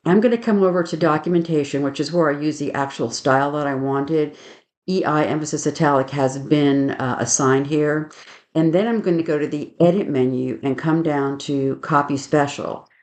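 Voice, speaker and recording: A woman teaching a software webinar, methodically explaining each click aloud and adding firm opinions on good practice. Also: low voice, moderate pace. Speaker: software trainer. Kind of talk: screen-share webinar demonstration.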